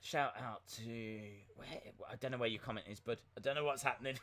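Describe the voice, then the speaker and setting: A young man hosting a live wrestling watch-along, chatting excitedly, rambling and flustered as he reads viewer comments. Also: medium pitch, fairly quick. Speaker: livestream host reacting to wrestling.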